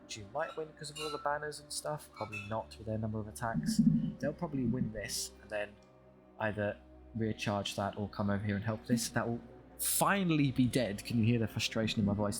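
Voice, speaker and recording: A man with a fairly low voice talks his way through a strategy game, muttering at his units with dry, frustrated asides. Game music plays clearly behind him. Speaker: gaming channel host.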